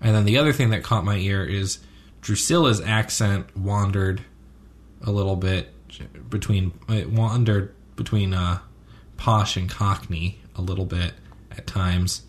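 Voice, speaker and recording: A man's voice: low voice, fairly even intonation, unhurried. A man co-hosting a casual chat about a TV episode, rambling with many ums and self-corrections. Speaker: podcast co-host.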